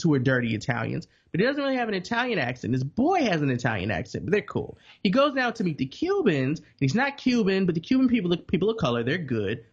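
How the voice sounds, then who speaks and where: A man's voice: on the high side, husky, dull audio. A man co-hosting a casual film review podcast, a profane, joking storyteller.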